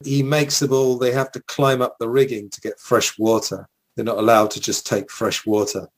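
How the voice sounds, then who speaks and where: An English-accented man co-hosts a film podcast, rambling through nostalgic stories at a middle pitch. He strings his thoughts together with fillers and restarts. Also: level tone, moderate pace, low-quality recording. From England. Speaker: podcast co-host. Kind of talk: casual chat.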